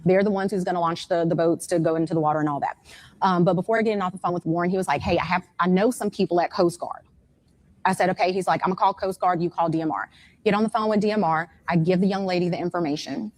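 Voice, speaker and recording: Low-voiced mother telling her story. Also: fast. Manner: animated storytelling that acts out the other people's words. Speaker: mother of a missing young man, interviewee. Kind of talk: emotional first-hand account in an interview.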